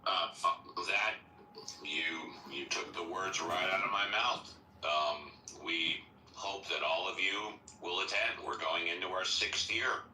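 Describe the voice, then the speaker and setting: A man's voice: low voice, takes it slowly, pushed and bright, reverberant, far from the mic, slight background noise, rough recording. A man who hosts a weekend audio chat show, talking in a laid-back, casual way.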